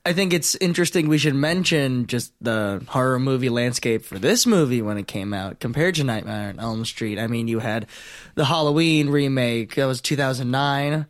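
A man's voice: mid-range voice, lively intonation, moderate pace. A man co-hosting a podcast, thinking aloud about the horror film landscape in casual chat. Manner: thinking aloud, unsure of dates. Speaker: podcast co-host.

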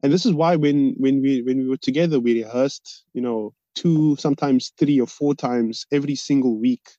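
A man in a band, talking on a podcast in an articulate, measured, reflective way. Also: mid-range voice, dark tone, no room sound. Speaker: band member. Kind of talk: casual podcast chat. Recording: dull, lo-fi sound.

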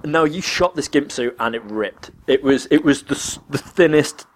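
A man's voice: on the high side, animated, normal speed. A man telling a rambling, laugh-filled anecdote in casual chat, acting out other people's voices as he goes. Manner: rambling, laughing often, acts out quoted voices.

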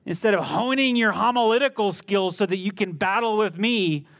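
High-voiced, animated male preacher. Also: normal speed, creaky. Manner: conversational, animated preaching with sudden bursts of intensity. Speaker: pastor. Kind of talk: sermon.

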